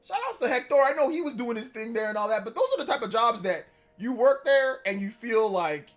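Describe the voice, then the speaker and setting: A man hosting a live stream, telling stories in a casual, animated and slangy way. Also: extremely high pitch, a little fast, faint music behind. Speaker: streamer host. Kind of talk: casual livestream chat.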